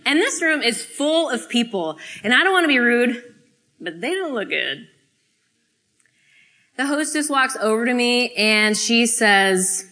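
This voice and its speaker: A woman speaking at a student fellowship, telling a dramatic spoken-word sermon with theatrical, expressive pauses. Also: a little high.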